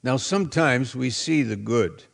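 Male pastor, deliberate slow delivery, gravelly, emphatic sermon style. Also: mid-range voice, lively intonation. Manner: emphatic preaching, repeats phrases, bursts into shouts.

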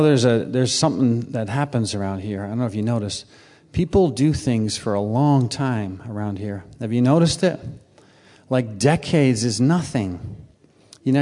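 A male pastor delivering a sermon in a church hall, his mid-pitched voice ringing with a long reverb. He talks with passion, climbing high and loud on his urgent questions, then dropping to a near-hush as he reflects. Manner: passionate, with sudden rises and soft drops.

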